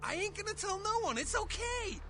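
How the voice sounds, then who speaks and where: A man's voice: very high-pitched, brisk, a crowd in the background, exaggerated voice. An actor playing a jittery, gushing young male vampire fanboy in a video game. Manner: excitable, breathless, gushing. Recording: game audio over music.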